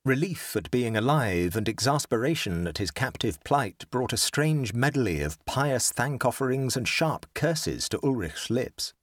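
A man narrating a story in a measured storytelling delivery. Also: medium pitch, very animated, dry recording, studio quality. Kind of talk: scripted narration.

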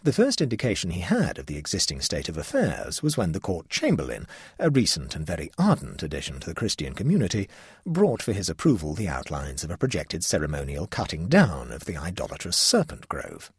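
A man narrating a classic story in an expressive, storytelling way. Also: low-pitched, brisk, slightly rough, no room sound, studio quality. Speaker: audiobook narrator. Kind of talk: scripted narration.

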